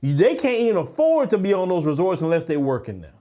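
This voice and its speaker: A man with a high, very lively voice delivers heated reaction commentary. He lectures with indignation, leaping up in pitch for accusations and dropping low for scornful asides. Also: brisk. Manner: indignant, lecturing, swings between high exclamations and low growls.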